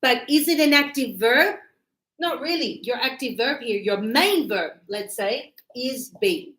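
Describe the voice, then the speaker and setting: A woman's voice: on the high side, expressive, a little slow, fairly bright tone, reverberant. A middle-aged woman teaching a grammar lesson to a class, acting out little scenes with voices as examples. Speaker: English teacher.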